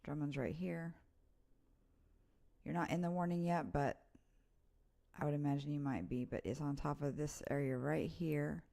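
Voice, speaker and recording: A woman with a low voice and a gravelly edge hosts an informal live weather update. She talks through storm warnings in a relaxed, chatty way, reading out place names as she goes. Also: moderate pace, long pauses. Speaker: weather presenter.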